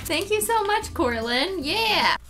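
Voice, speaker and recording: A woman's voice: very high-pitched, sing-song, slow, bright, forceful tone, slight background noise. A young adult woman hosting a channel, chatting playfully and giggling as she opens fan mail. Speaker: channel host. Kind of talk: casual chat opening fan mail.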